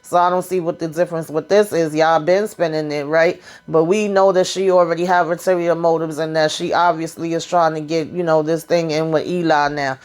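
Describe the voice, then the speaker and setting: A woman's voice: low-pitched, steady tone, darkish tone. A woman recapping a TV episode in casual, sassy chat straight to her viewers, full of asides and fillers. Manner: colloquial, drawn-out asides with frequent fillers. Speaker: TV show recap host.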